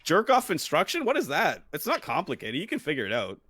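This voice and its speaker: A man's voice: fairly high pitch, fairly quick, background noise. Blunt, profane man on a podcast. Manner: blunt, profane, deadpan jokes. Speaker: podcast co-host. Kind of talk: casual crude chat.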